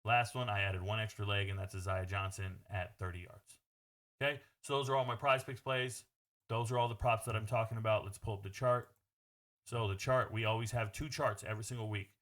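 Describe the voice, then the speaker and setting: A man's voice: lowish voice, fairly bright tone. A man talking through his sports betting picks in a casual, brash monologue, blunt and swearing freely as he addresses viewers as "bro.".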